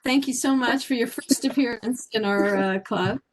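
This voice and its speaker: A woman chairing a club meeting over a video call, friendly and brisk. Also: on the high side, a little hiss or hum.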